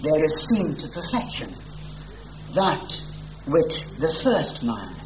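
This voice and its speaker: Slow preacher guy reading scripture, pitch swooping up and down a lot, roomy echo and faint hum behind. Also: sing-song. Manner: slow, deliberate, stresses words for emphasis. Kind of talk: expository sermon reading scripture. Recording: echoey room with faint hum.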